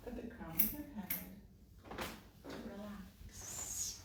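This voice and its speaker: A woman yoga teacher calmly guiding a class through relaxation, naming one body part at a time. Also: medium pitch, creaky. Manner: slow, calm, one word at a time. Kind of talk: guided relaxation instruction. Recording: echoey room, far from the mic, faint noise.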